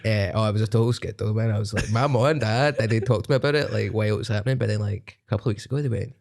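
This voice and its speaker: A man's voice: on the low side, very fast, creaky, darkish tone. A man telling rambling stories with frequent laughter in a casual podcast chat. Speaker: comedian guest.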